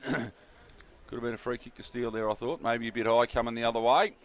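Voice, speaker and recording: A man's voice: mid-range voice, steady tone, moderate pace. An Australian man calling a local football match, chatty and laid-back, with fillers and asides to his co-commentators. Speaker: play-by-play commentator.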